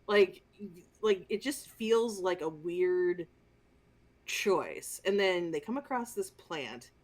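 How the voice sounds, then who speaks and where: Woman podcast co-host, casual movie chat, animated, profane, exasperated. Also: fairly low pitch, slow pace.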